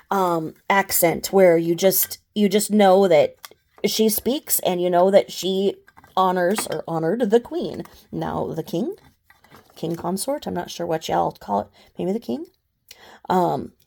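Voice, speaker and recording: A woman's voice: lowish voice, a little mellow. A woman hosting her own channel, talking through gossip in a rambling, sarcastic way, full of fillers and restarts. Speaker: YouTube commentary channel host. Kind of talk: casual gossip monologue.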